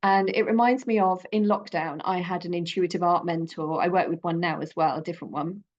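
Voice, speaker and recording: Gentle woman coaching a creative workshop. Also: lowish voice, steady tone, fairly quick, highs cut off. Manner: gentle, encouraging, loosely conversational. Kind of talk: guided creative workshop talk.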